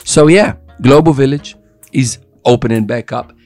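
Playful male host, mid-pitched, jokey chat, light music underneath. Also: moderate pace, darkish tone, no room sound. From expat living in Dubai. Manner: playful, joking, fond of trying silly accents. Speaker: show host. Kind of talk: casual chat.

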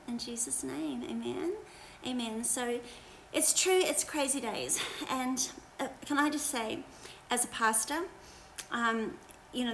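A woman's voice: on the high side, a bit bright, slight background noise, poor audio. A woman pastor giving a casual, encouraging devotional talk on a livestream, chatty, with many fillers.

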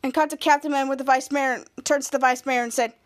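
A woman's voice: sits high, steady tone, fast talker. A woman hosting a podcast, casually recapping a TV episode in a rambling, self-correcting way with frequent giggles. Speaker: podcast host.

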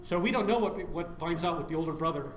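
High-voiced man preaching in an echoey room. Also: expressive, fast, slight background noise. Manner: asks the listeners questions and answers them himself. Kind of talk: sermon.

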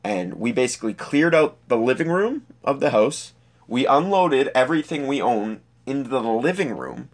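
A young man telling a personal story in a casual, profane, animated way. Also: medium pitch, moderate pace. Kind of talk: personal anecdote monologue.

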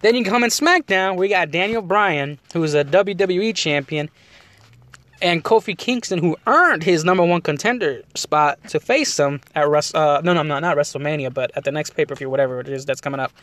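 A podcast host rambling in a loose, animated way about wrestling, laughing often. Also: male voice, fairly high pitch, fairly quick. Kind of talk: casual wrestling chat.

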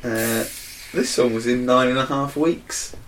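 A man's voice: medium pitch, a little slow, fairly bright tone, slight background noise. A laid-back man chatting casually about music videos, now and then putting on silly voices for jokes. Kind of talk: casual chat.

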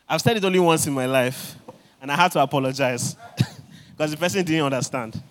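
A man preaching in a fairly high voice. He tells his stories with animation and slips into the voices of the people he quotes. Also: lively intonation, normal speed, pauses often, fairly bright tone. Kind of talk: sermon.

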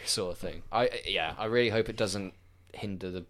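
A man with a very deep voice co-hosts a casual chat. He sounds tired, yawning through it, and often trails off and restarts his sentences. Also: moderate pace, a bit bright. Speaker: podcast co-host.

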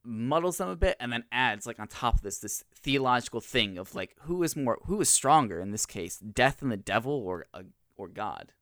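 Smooth-voiced man in casual chat. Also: mid-range voice, sing-song, normal speed, few pauses, a bit bright, no echo, studio quality. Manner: conversational, hedging with fillers. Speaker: podcast co-host.

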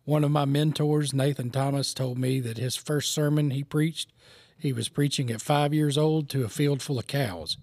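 A man tells easygoing stories on a casual podcast. His voice sits at a middle pitch, and it is recorded dry and close. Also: fairly even intonation, normal speed, a little mellow, no echo. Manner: easygoing anecdotal storyteller. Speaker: podcast co-host.

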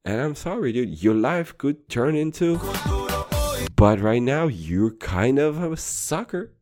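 A man's voice: medium pitch, very animated, takes it slowly, over music. A man hosting a podcast, rambling through a crude, profane, boastful comedy rant. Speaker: podcast host.

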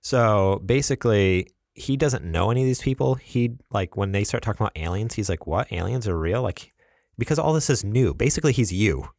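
Male podcast co-host, lowish voice, animated storyteller, dry studio sound. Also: no echo. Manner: animated storyteller, acts out scenes with quick asides. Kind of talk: casual chat.

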